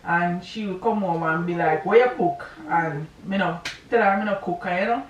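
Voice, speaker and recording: A woman's voice: fairly low pitch, moderate pace, reverberant, distant mic, muffled recording, slight background noise. A woman with a Jamaican accent telling a personal story in a casual, rambling vlog, full of asides and checks on the listener. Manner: rambling, chatty retelling with asides. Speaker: vlogger.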